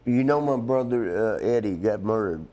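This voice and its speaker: Guy choking up, low mellow voice, rambling and cussing. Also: expressive, moderate pace. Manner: rambling, profane, choked up. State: crying. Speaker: wrestling show guest. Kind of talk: emotional storytelling chat.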